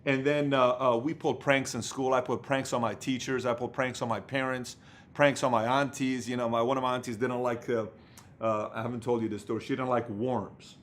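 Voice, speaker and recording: Animated storytelling businessman. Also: mid-range voice, brisk, slight background noise. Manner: animated, rambling storytelling with many fillers. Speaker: company leader giving business advice. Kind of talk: motivational business talk.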